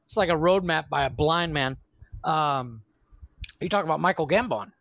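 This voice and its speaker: A man's voice: on the high side, animated, normal speed, creaky, dry recording, lo-fi sound. A man hosting a podcast, telling a story in a rambling way, swearing freely and laughing often. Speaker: podcast host. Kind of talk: casual profane chat.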